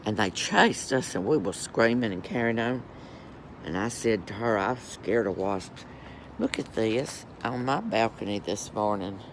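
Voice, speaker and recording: A man's voice: fairly low pitch, lively intonation, normal speed, slight background noise. Campy, chatty man. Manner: campy, chatty, swears freely. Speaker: vlogger in lockdown. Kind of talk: casual storytelling to camera. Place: at home during lockdown.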